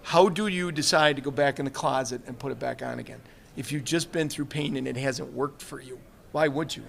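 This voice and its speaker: A man's voice: mid-range voice, brisk, vocal fry, slight background noise. A man, a retired fire chief, telling earnest personal stories in a live interview and often quoting other people as he goes. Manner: earnest, reflective, quotes others in his stories. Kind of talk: candid storytelling in a live interview. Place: trade show livestream set.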